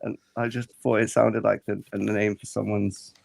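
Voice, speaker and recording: A man's voice: lowish voice, little pitch movement, moderate pace, gravelly, darkish tone, no echo. A man in a casual podcast chat, teasing in a dry way.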